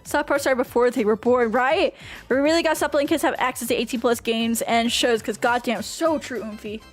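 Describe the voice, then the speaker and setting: A woman's voice: on the high side, a little fast, faint music behind. A woman streamer in casual Q&A chat, ranting passionately and swearing freely. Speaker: VTuber streamer.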